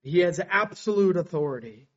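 A man with a high voice preaches a sermon. He builds his delivery up as he reads scripture quotes. The recording sounds dull and lo-fi. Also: lively intonation, moderate pace, a bit bright.

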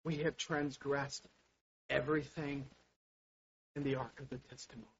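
A man preaching a sermon with passion, dropping to a hush and then rising to loud exclamations. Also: medium pitch, level tone, moderate pace, husky. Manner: impassioned, swings from hushed to loud exclamations. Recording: dull lo-fi sound.

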